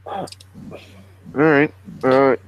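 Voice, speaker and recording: Male game master, slow and hesitant delivery, faint background noise. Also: mid-range voice, dull audio. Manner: slow, hesitant, many fillers. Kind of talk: running a tabletop game.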